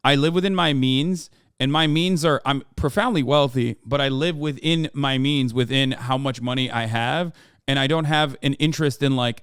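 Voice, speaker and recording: A man's voice: medium pitch, fairly bright tone, smooth, dry recording, clean studio sound. A man in his thirties reacting to a video on his live stream, rambling casually with many restarts and casual swearing.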